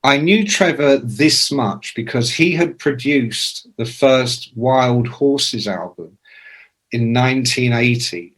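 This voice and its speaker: A man in his sixties, a music journalist, telling anecdotes as a podcast guest, casual and swearing, with loud imitations. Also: medium pitch, takes it slowly. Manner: animated anecdotes with shouted imitations. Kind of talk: casual storytelling.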